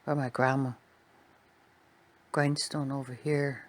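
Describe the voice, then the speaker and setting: A woman telling a personal story in a soft, quiet, unhurried way. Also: very deep voice, little pitch movement.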